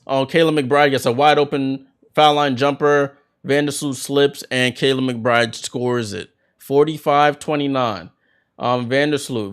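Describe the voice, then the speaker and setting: A man calls a basketball game play by play for his watchalong viewers, his pitch sitting in an ordinary middle range. He talks like a fan rather than a neutral announcer and breaks into loud, excited bursts when a big play lands. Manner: excited fan calling plays, bursts of hype. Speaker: watchalong host doing play-by-play.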